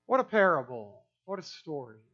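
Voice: medium pitch, sing-song, moderate pace, lo-fi sound, faint music behind. A preacher giving an expository sermon in a conversational way, asking rhetorical questions and using casual fillers.

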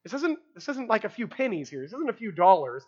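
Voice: medium pitch, big pitch swings, fast, a little mellow, slightly rough, lo-fi sound. A preacher giving an expository sermon in a conversational way, asking rhetorical questions and using casual fillers.

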